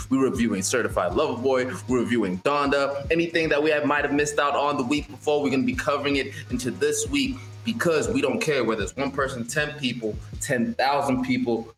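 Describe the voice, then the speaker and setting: A man's voice: mid-range voice, echoey room. A man co-hosting a casual podcast, talking with energy about life and mindset, mixing in street slang. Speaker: podcast co-host.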